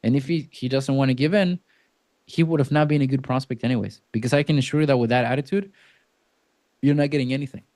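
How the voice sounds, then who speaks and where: A man coaching a sales team, speaking bluntly and emphatically in casual, animated bursts. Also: medium pitch, fast talker, no echo. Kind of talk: coaching a role-play session.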